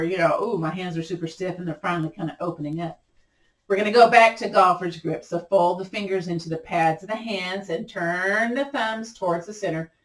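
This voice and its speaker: A woman's voice: medium pitch, roomy sound, far from the mic. Chatty woman guiding a yoga class. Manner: encouraging, chatty, repeats cues. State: voice cracking a little. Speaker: yoga instructor. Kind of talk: guided yoga class instruction.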